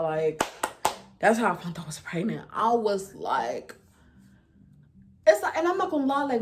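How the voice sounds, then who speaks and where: A woman in her twenties from New York City with a New York accent, telling a story to camera in a casual, slangy, animated way and acting out the voices she quotes. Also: fairly high pitch. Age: 20s. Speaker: vlogger.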